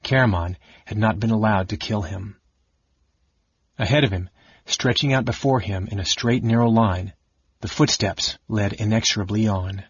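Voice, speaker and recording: A man reading an audiobook in a measured, dramatic narration. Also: fairly low pitch, slightly rough, no room sound, lo-fi sound.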